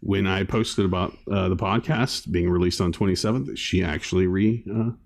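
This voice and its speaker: A man's voice: low-pitched, fairly even intonation, moderate pace, gravelly. A man co-hosting a book podcast, chatting casually and laughing easily. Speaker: podcast co-host. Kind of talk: casual chat.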